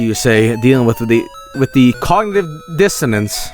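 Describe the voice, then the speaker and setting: A man streams a text adventure, reading the story aloud and riffing on it with loose, cussing jokes. His pitch is lively and wide-ranging, and faint game music plays in the background. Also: moderate pace, hardly any pauses. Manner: loose, joking, restarts and swears.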